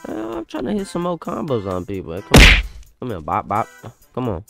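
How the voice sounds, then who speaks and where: A man's voice: on the low side, very animated, normal speed. A young man giving live gameplay commentary, taunting opponents with repetitive, hyped trash talk. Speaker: gaming YouTuber. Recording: loud game music and hit sounds behind.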